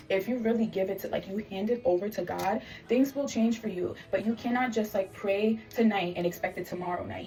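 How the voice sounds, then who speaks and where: Animated young woman telling a faith testimony. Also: mid-range voice, distant mic, low-quality recording. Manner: animated storytelling, quoting God and others in lively voices. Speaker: vlogger sharing testimony.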